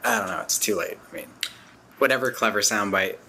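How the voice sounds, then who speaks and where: A man co-hosts a podcast in relaxed chat. He asks wry questions and laughs easily. His voice is bright and forward. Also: fairly low pitch, brisk, vocal fry, a little hiss or hum. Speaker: podcast co-host. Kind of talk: casual chat.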